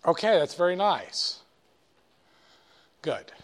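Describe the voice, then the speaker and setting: A man lecturing on finance with a high, light voice. He jokes and digresses, then leans hard on his main principles. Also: very animated, slow. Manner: joking, digressive, emphatic. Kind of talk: classroom lecture.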